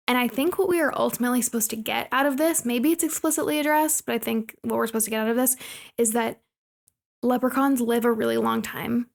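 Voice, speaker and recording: A woman's voice: a little high, fast talker, vocal fry. A woman co-hosting a podcast, summarizing a movie plot in casual chat with playful asides. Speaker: podcast co-host.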